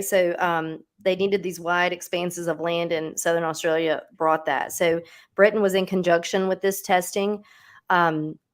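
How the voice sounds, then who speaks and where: A woman hosts a casual true-crime livestream, her voice a bit low. She talks in a loose, conversational way, full of fillers and asides to her co-host.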